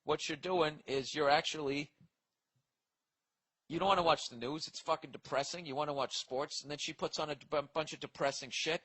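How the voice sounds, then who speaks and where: Man, podcast host, swearing and rambling, fairly high pitch, tense bright tone. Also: steady tone, moderate pace, slightly rough, rough recording. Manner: profane, rambling, reads listener mail aloud. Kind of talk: casual comedic podcast rant.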